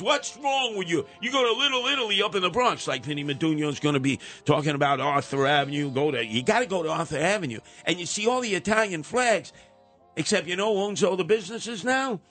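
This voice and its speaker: A man's voice: sits high, expressive, brisk, bright, forceful tone, faint music behind. An older man hosting a radio talk show, rambling and wisecracking as he ribs his younger co-hosts. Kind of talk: casual talk radio banter.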